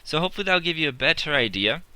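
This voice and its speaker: A man teaching English in a slow, deliberate classroom style, repeating his examples while writing them on a board. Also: on the high side, lively intonation, sharp tone, no room sound. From not British.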